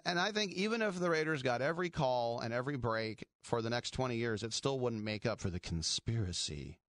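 Middle-aged male radio host, rambling and wry, mid pitch, dry close mic. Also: fairly bright tone, no echo. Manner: chatty, wry, rambling, laughs at his own jokes. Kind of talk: casual sports talk radio.

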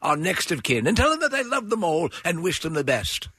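A man's voice: on the high side, big pitch swings, brisk, sharp tone, husky, dry recording, heavily acted. A man doing a prim drowning Victorian boy. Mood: mock-formal. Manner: stiff, overly formal phrasing. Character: drowning Victorian boy, absurdly formal and polite. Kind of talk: comic reenactment.

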